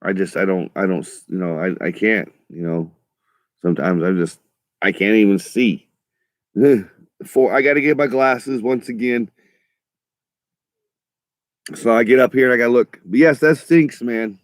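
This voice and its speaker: A middle-aged vlogger with a lowish voice rambles through a casual monologue in studio quality with no echo. He swears freely and speaks haltingly, often stopping to restart his sentences.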